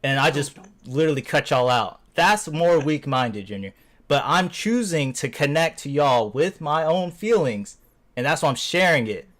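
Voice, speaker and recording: A man's voice: a little high, animated, normal speed, fairly bright tone. A man in a casual gaming voice chat, explaining his feelings earnestly, rambling with lots of fillers. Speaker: gamer in a voice chat.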